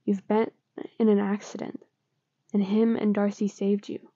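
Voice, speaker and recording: A woman reading the part of a calm older sister, speaking softly and reassuringly. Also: medium pitch, a little slow, no room sound, lo-fi sound, natural voice.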